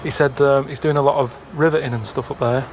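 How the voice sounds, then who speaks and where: A man's voice: mid-range voice, steady tone, fairly quick, slight background noise. A British man telling a rambling anecdote on a comedy podcast, stalling on restarts and fillers. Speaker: podcast guest storyteller.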